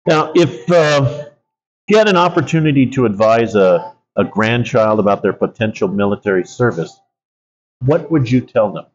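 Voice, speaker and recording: A male interviewer and fellow veteran, asking questions in a halting, affirming way. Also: mid-range voice, expressive. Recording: dull lo-fi audio.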